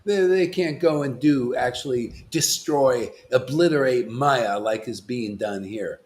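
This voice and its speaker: A man giving a devotional sermon as a spiritual master, scolding and emphatic, swinging from loud declarations to hushed asides. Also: medium pitch, a little slow.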